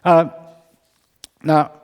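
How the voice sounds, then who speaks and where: A man's voice: extremely slow, highs cut off. A man from the UK giving a conversational, wry lecture as a composer, often correcting himself. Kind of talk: public lecture. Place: concert hall. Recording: reverberant hall.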